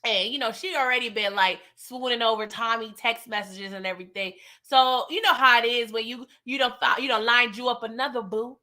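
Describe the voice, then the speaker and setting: A woman hosting a casual TV recap and review. She is animated and slangy, and talks straight to her viewers. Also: on the high side, a little fast, few pauses. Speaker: TV recap host.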